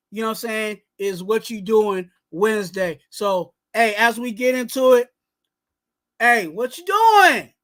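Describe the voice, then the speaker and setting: High, bright-voiced man ranting. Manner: animated, yelling rant with frequent "you know what I'm saying". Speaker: podcast co-host. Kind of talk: sports podcast rant.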